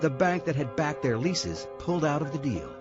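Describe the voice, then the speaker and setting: A man reading scripted documentary narration in a measured, dramatic way. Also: a little high, very animated. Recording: dull lo-fi audio over music.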